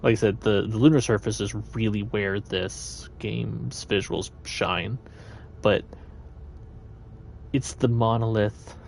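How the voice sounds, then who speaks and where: A man's voice: fairly low pitch, steady tone, slow pace, vocal fry. A man chatting his way through a live gameplay stream, meandering and thinking aloud.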